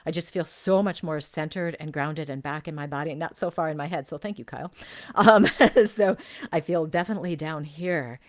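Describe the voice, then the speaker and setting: A woman with a slightly low voice hosts a live soul reading. She gushes over her viewers, repeating her praise. When she tunes in, her phrases stretch out slowly. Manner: effusive and gushing, repeating praise; slow, drawn-out phrases while sensing. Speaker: intuitive reader and show host.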